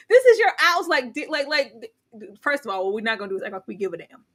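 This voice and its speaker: Woman, high-pitched, very expressive, loud laughing co-host, incredulous recap chat. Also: brisk. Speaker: podcast co-host. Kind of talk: casual reality TV recap chat.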